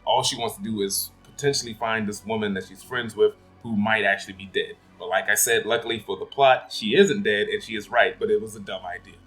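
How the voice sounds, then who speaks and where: Blunt, low-voiced guy reviewing a movie. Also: fairly even intonation, fairly quick, hardly any pauses, fairly bright tone, soft background music. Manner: rambling, blunt, swears freely. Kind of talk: casual spoken film review.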